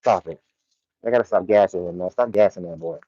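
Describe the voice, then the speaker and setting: A man's voice: deep voice, fairly quick, mellow, no room sound, muffled recording. A man hosting a casual livestream, talking in loose, slang-heavy commentary and reading chat from a warehouse. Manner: loose, laid-back slang-heavy commentary with frequent laughs. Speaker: livestream host.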